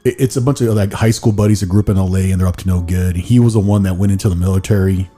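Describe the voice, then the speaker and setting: Mellow, low-voiced male podcast host. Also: fast, soft background music. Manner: relaxed, chatty storytelling, occasional swearing. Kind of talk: casual podcast chat.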